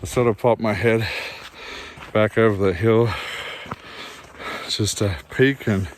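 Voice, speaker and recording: A man's voice: lowish voice, steady tone, takes it slowly, a little hiss or hum. An Australian man filming a vlog on his phone in the woods, shaken and out of breath, sighing and repeating himself. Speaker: vlogger. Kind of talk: handheld outdoor vlog. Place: woods, outdoors. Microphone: phone held in hand.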